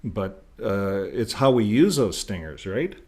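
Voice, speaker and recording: A man's voice: lowish voice, sing-song, a little slow, a little mellow. An older man from Canada hosting his own channel, talking casually to camera in a rambling way, repeating words and chuckling. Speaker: YouTube channel host.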